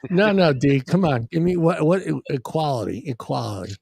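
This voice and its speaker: A man co-hosting a casual podcast, loud and teasing, joking with the others. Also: a little high, very animated, moderate pace, creaky, slightly rough, no room sound, studio quality. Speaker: co-host.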